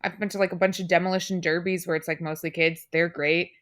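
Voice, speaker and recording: A woman with a fairly low voice, appearing as a guest on a casual podcast chat. She speaks in a wry, dry and candid way, putting things bluntly. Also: flat delivery, fast talker, fairly bright tone.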